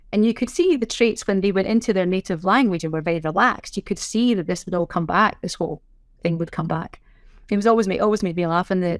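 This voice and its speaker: A woman's voice: on the low side, no echo. Woman, middle-aged, chatty guest; dry close mic. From Scotland. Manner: chatty, self-correcting, explanatory. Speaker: sign language interpreter, podcast guest. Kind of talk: casual interview chat.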